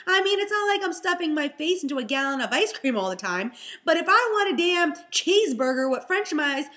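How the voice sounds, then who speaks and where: Young pregnant woman, high voice, chatty, animated, exasperated storyteller, casual vlog. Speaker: vlogger, health and fitness coach.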